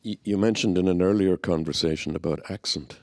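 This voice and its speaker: A man's voice: sits low, a little fast. A man chairing a panel discussion, putting probing questions to the speakers with some hesitation.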